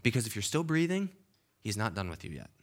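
A man preaches fast as pastor in a church, his fairly low voice sing-song in quality. He speaks conversationally and emphatically, often checking in with the congregation, with frequent okays and restarts.

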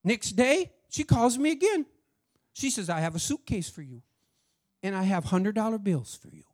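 Animated man telling a testimony. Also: high voice, moderate pace. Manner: animated storyteller acting out dialogue. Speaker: church speaker sharing a testimony. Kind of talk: sermon testimony storytelling.

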